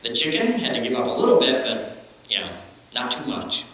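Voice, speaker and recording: Brief: male pastor, chatty and jokey, lively pitch, far-off mic in an echoey church. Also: a little fast, slight background noise. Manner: conversational, joking, acts out quotes. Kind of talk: sermon. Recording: echoey hall, distant mic.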